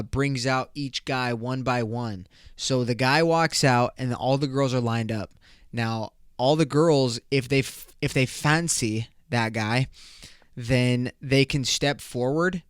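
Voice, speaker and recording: A man's voice: mid-range voice, a bit bright, clean tone, no echo, studio quality. A young man hosting his own podcast, chatting casually in slangy, profane talk and laughing often. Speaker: podcast host. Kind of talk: casual solo podcast chat.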